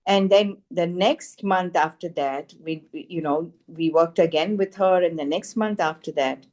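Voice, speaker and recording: A woman telling a personal healing testimonial in an earnest, animated way, with many "you know" fillers. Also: lowish voice, a little slow. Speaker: frequency healing practitioner.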